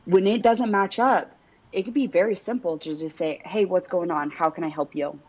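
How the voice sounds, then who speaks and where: A woman's voice: fairly low pitch, fairly even intonation, normal speed, a little mellow, breathy edge. A woman hosting a podcast, talking emphatically and bluntly, swearing and leaning on "like" and "right?". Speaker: podcast host. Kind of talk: casual podcast conversation. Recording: dull lo-fi recording.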